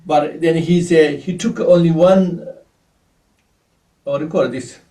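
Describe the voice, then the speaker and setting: Slow, halting male Buddhist teacher. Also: fairly high pitch, steady tone, mellow, reverberant, recorded from a distance. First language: Tibetan. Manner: halting, searching for English words. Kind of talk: dharma teaching.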